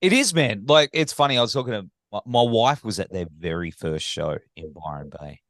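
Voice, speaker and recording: A man's voice: lowish voice, expressive, a little fast, fairly bright tone, dry recording, clean studio sound. A man hosting a podcast, chatting with a guest in a friendly, informal way and swearing casually. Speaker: podcast host. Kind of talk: casual interview chat.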